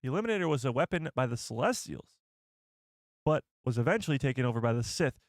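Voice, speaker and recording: A man's voice: mid-range voice, animated, quick pace, no echo, clean studio sound. A man hosting a casual live stream, thinking aloud as he reads chat and searches for things. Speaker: livestream host.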